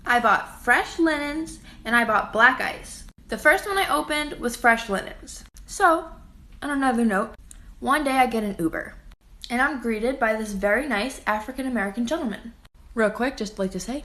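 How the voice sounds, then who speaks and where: Woman, casual story time, phone mic, chatty, bright tone. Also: fairly high pitch, normal speed.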